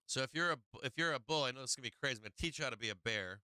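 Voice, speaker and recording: Speaking at a racing clip, a middle-aged stock livestream host riffs casually on trades, swears without restraint, and addresses his chat with excitement. The pitch is medium and the tone clear and resonant, free of echo.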